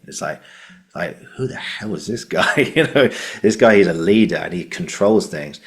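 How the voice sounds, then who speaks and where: A male podcast host with a very low voice tells a story in a casual, meandering way. He often pauses on fillers and restarts. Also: lively intonation. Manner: rambling with frequent fillers.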